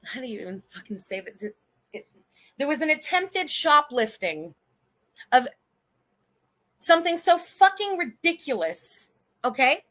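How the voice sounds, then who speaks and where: Woman in her 30s, livestream host, high and bright, blunt and foul-mouthed, rambling. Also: sing-song, unhurried, pauses often. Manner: blunt, profane and indignant, rambling with restarts. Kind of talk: casual livestream commentary.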